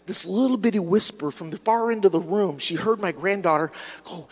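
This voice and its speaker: A middle-aged man preaching a fervent sermon as pastor, slowing down and stretching words for emphasis. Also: high-pitched, breathy edge. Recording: long church reverb.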